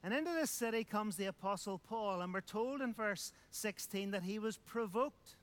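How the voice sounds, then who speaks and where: A man's voice: sits high, animated, normal speed, a bit bright. A man preaching a sermon, emphatic, repeating phrases and asking rhetorical questions.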